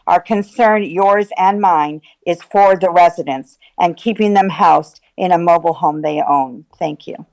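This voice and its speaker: A woman's voice: on the low side, measured pace, hardly any pauses, a little mellow. A woman giving public comment at a county meeting in a firm, earnest way.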